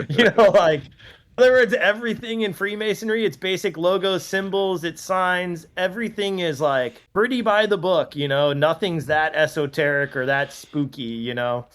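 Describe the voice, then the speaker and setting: A man chatting casually on a podcast, animated and loose, full of "dude" and "you know.". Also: high-pitched, moderate pace. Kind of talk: casual chat.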